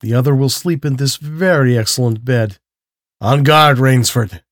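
A man's voice: medium pitch, normal speed, no room sound, studio quality, lightly acted. A man voicing a suave, aristocratic older Cossack general who speaks in a courtly, mocking way.

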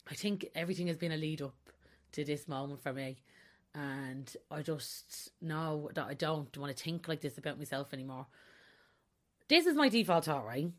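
A woman in her forties hosting a podcast, talking candidly and confessionally about herself and often breaking into laughter. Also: deep voice. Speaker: podcast host. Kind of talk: personal podcast monologue.

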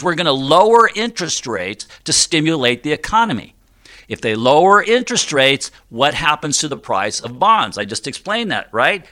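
A man's voice: on the high side, pushed and bright. A middle-aged man hosting a financial radio show, explaining things step by step in a chatty, joking way with frequent fillers. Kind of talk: conversational radio talk.

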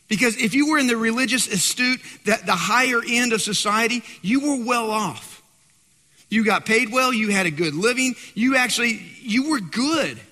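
A man preaching a sermon, dramatic and swinging from loud to hushed. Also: high voice, in a large hall. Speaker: pastor.

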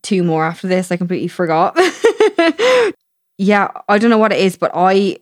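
A woman's voice: huge pitch swings, moderate pace, no room sound, studio quality. A young woman hosting a casual chat, swearing freely and laughing a lot. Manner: chatty, swears a lot, laughs often, high baby-talk impressions. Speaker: podcast host.

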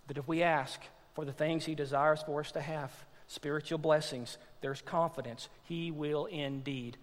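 Animated high-voiced preacher in a hall. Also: male voice. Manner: animated, joking, swings from loud to hushed. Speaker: pastor. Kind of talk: sermon.

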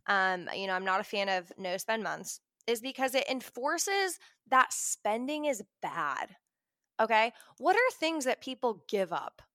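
A young woman talking casually to camera about money, chatty and animated, acting out her own reactions. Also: mid-range voice, no echo, studio quality. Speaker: personal finance vlogger.

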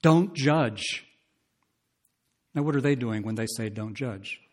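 A man's voice: on the low side, fairly quick, a little mellow. A man preaching an expository sermon, talking conversationally, asking his listeners questions and reading scripture aloud with rising emphasis.

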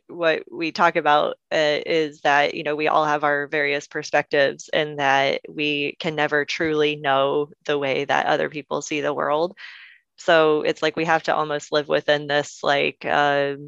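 A woman's voice: deep voice, creaky, fairly bright tone, smooth, dry recording. A woman in a discussion, agreeable and a little hesitant as she searches for words, on a dull lo-fi recording. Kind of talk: conversational discussion. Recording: dull lo-fi sound.

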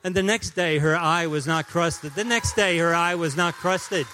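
A man in his fifties preaching a sermon in a church as a guest pastor, joking and swinging between loud declarations and hushed asides. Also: a little high, normal speed, a faint crowd, slight background noise. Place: church sanctuary.

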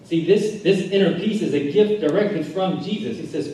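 A man's voice: high-pitched, normal speed, dark tone, a little hiss or hum. Man preaching in an echoey hall. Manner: earnest preaching with repeated phrases and restarts. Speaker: pastor. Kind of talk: sermon. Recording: echoey church hall recording from far off.

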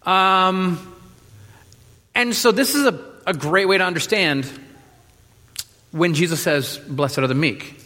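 A man preaching a sermon in a relaxed, joking way, with many fillers and restarts. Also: high-pitched, slow pace, long pauses. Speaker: pastor. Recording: reverberant hall.

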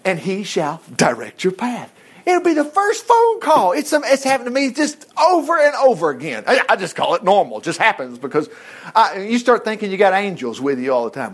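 Animated, high-voiced folksy male preacher. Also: brisk, breathy edge. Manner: folksy, animated, self-interrupting, acting out scripture dialogue. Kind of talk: conversational sermon.

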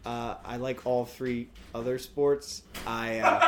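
A man's voice: mid-range voice, flat delivery, takes it slowly. A man co-hosting a comedy podcast, chatting casually and hesitantly, often trailing off. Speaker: podcast co-host. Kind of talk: casual chat.

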